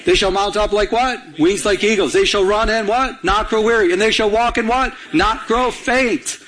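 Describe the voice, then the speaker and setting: A man's voice: sits high, moderate pace, fairly bright tone, slight background noise, poor audio. A man preaching a sermon as pastor, urging the congregation on, repeating words for emphasis and asking them to finish his lines. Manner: urgent preaching with call-and-response questions to the congregation.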